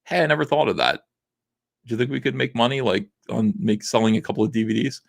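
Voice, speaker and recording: A man's voice: mid-range voice, fast talker, vocal fry, no room sound, studio quality. A man hosting a casual livestream, reading viewer comments aloud and answering them with frequent "uh" fillers. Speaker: livestream host reading chat.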